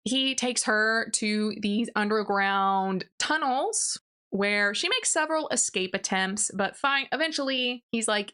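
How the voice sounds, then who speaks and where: A young woman walks through a novel's plot in a ranting review. She sounds casual and exasperated and loads her talk with fillers and sarcastic asides. Her voice is bright and forceful. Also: fairly high pitch, measured pace, clear, resonant tone. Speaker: book reviewer. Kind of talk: ranting book review recap.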